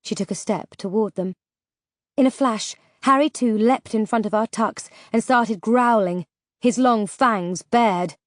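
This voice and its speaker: Woman reading an audiobook, steady narration, slightly high voice, dry close recording. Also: measured pace, no echo. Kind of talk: scripted first-person audiobook narration.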